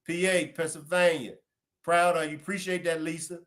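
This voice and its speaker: A man's voice: on the high side, fairly even intonation, normal speed, fairly bright tone. Chatty Baltimore man hosting a stream. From Baltimore, USA. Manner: chatty, greeting viewers by place. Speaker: live stream host. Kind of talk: casual live stream shout-outs.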